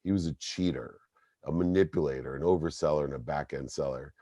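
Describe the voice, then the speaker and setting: A middle-aged man, a guest on a podcast, telling personal stories in an emphatic, animated way. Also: very deep voice, a little fast, no echo, clean studio sound. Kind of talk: storytelling interview.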